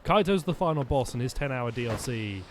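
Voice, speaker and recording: Tired man with a lively, rambling voice. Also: mid-range voice, fairly quick, noisy background. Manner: rambling, wry, stumbling over restarts. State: tired, yawning. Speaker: game streamer. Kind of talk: casual commentary over gameplay.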